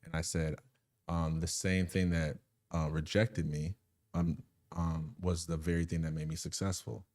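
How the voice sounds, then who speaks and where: Animated low-voiced male podcast host. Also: a little slow. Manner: animated storyteller, swinging from quiet and heavy to loud and laughing; restarts and fillers while thinking aloud. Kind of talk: casual chat.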